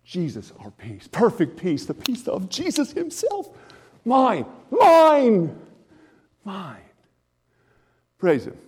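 A male pastor preaching a sermon in an animated way, dropping to hushed tones and then rising to emphatic ones. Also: high-pitched, slightly rough.

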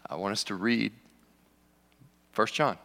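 Pastor, man, informal preacher who jokes with the room; sharp, bright tone. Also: lowish voice, measured pace, gravelly. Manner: conversational preaching with joking asides. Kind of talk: sermon. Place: church sanctuary. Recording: long reverb of a large hall.

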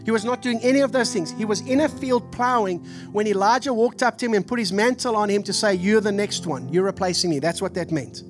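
A man in his forties with a Texan accent, preaching a sermon in an animated, storytelling way. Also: sits high, quick pace, over music. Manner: animated storytelling, acts out family voices. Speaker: pastor. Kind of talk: sermon with personal stories.

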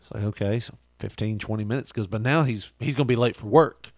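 A man co-hosting a podcast tells jokes in a loose, casual chat, swearing freely. His voice is mid-range and a little fast, recorded in studio quality with no echo.

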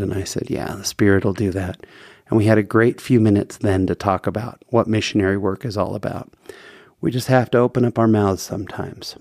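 Man, podcast host, earnest heartfelt storytelling, lowish voice, dry sound. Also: fairly even intonation, a little fast, a little mellow, no room sound. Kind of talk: personal faith storytelling.

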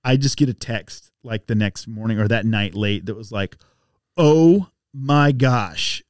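A man's voice: lowish voice, normal speed, no echo, clean studio sound. A man guest on a podcast, telling a casual story and acting out the other people's voices. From Texas. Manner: animated, acts out voices in anecdotes. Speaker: podcast guest, bike rider.

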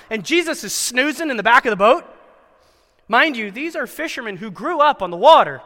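A man with a fairly high, bright voice delivers a school chapel sermon, mixing scripture reading with wry, animated commentary. He acts out the quoted lines with flair. His voice rings with the long reverb of a large hall. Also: a little fast. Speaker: chapel speaker at a Christian school.

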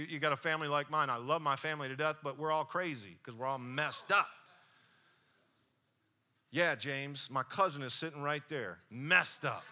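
A man's voice: a little high, normal speed, sharp tone. A man preaching a sermon as pastor, calling out to the congregation and slipping into joking asides.

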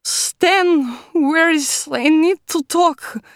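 A woman's voice: drawn-out words, no echo, clean studio sound, exaggerated voice. Sobbing Russian girl. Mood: pleading. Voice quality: high-pitched whimper, slurred. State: crying. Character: terrified young woman, drugged and sobbing.

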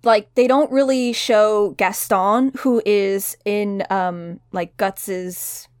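A woman's voice: medium pitch, steady tone, slow pace, clear, resonant tone, no room sound, clean studio sound. A woman co-hosting a podcast, chatting about a manga and playfully acting out characters' lines. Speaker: podcast co-host. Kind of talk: casual chat about a manga.

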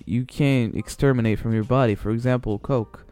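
A man's voice: mid-range voice, fairly even intonation, moderate pace, dark tone. A man hosting his own solo podcast, rambling casually and swearing, with many fillers and restarts. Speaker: podcast host. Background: faint background music.

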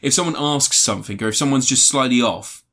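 A man hosting a relaxed podcast chat about films. He retells scenes with energy, slipping into goofy voices and laughing along. His speaking voice sits at a middle pitch for a man. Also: a little fast. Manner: animated storyteller, acts out film scenes with funny voices and laughter. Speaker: podcast host.

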